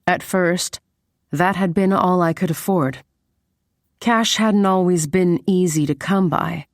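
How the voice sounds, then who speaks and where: A woman giving intimate, measured first-person audiobook narration. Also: fairly low pitch, no echo, clean studio sound.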